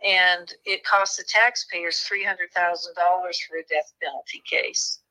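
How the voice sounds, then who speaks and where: Woman author, bright and forceful tone, earnest conversational storyteller. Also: on the low side, steady tone, unhurried, rough recording. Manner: earnest storytelling, moved at times. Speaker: true crime author. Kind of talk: interview conversation.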